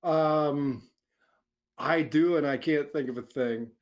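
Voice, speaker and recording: A middle-aged man, an author answering interview questions in a relaxed way, chuckling often and restarting his sentences as he rambles. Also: fairly high pitch, takes it slowly. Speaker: author guest. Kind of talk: casual interview chat.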